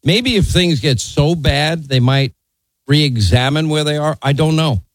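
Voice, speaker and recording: A man's voice: fairly high pitch, unhurried, dry recording, low-quality recording. A man hosting a talk radio show and taking calls, blunt, opinionated and teasing, from New York.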